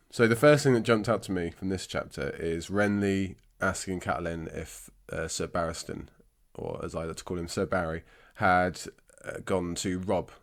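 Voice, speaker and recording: A man hosting a book podcast, congested and with a scratchy throat, chatting in a rambling, self-deprecating way. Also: lowish voice. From England. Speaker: podcast host. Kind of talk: casual podcast chat about books.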